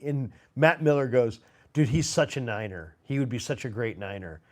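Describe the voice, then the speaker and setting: Rambling man hosting a sports stream. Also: on the low side. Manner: rambling, full of fillers and restarts. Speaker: sports show host. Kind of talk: casual live-stream chat. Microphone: phone.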